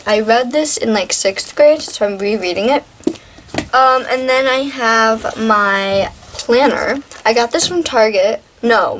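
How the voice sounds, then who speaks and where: A woman's voice: a little high, fairly bright tone, slight background noise, rough recording. A teenage girl in a casual show-and-tell vlog, talking in a chatty, rambling way with lots of fillers and restarts. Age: teens. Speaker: vlogger.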